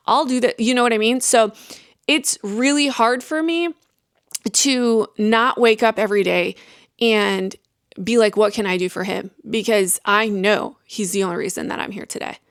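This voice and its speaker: A woman's voice: fairly high pitch, no echo, clean studio sound. A young adult woman hosting a podcast, talking candidly and earnestly, rambling with restarts and acted-out self-talk. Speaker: podcast host.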